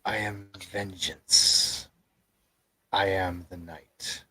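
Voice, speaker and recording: A man voicing a grim, brooding masked vigilante in a gruff, slow voice. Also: low voice, fairly even intonation, bright, forceful tone, full character voice, low-quality recording.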